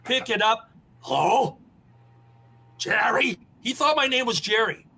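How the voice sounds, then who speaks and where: A man's voice: very high-pitched, a little fast, pushed and bright. A man co-hosting a podcast, telling blunt, colorful stories about old characters. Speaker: podcast co-host. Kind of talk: storytelling chat.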